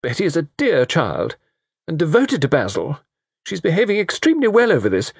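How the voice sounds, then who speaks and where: A man's voice: fairly high pitch, wildly swooping pitch, fairly quick, gravelly, husky, no echo, clean studio sound, pitched above the performer's own voice, exaggerated voice. A man voicing an anxious, indignant older mother who dotes on her son. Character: fretful, doting older English mother.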